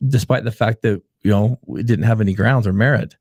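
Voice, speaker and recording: A middle-aged man with a fairly low, steady, slightly mellow voice speaks at a fairly quick pace on a dry recording. He's a therapist hosting a live show, earnestly coaching listeners and sharing family stories as advice in a casual chat.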